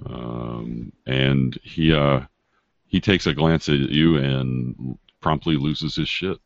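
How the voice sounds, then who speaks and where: Very deep, gravelly male game master. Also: no room sound. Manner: halting, searches for words with many fillers. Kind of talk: narrating a tabletop game. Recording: dull dry lo-fi recording.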